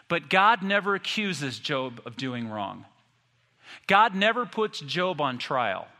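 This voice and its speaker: A man preaching a sermon as a pastor, impassioned, his voice climbing to loud cries when he quotes a lament. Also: high voice, long reverb tail.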